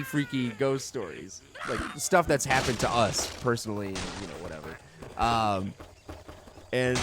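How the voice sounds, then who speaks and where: A man's voice: medium pitch, noisy background. A man telling a story in casual let's-play commentary, rambling with many fillers. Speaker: video game commentator.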